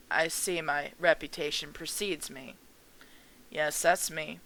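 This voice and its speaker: A woman streamer reading visual novel dialogue aloud in a calm, measured way. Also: deep voice, rough recording.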